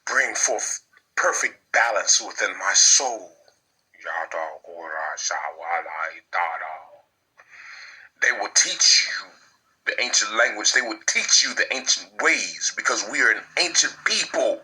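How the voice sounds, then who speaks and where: A man delivering spiritual preaching in a somewhat low, husky voice with a hard, tense push behind it. He repeats his phrases over and over like incantations and mixes in coarse slang. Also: lively intonation, moderate pace, sharp tone, poor audio.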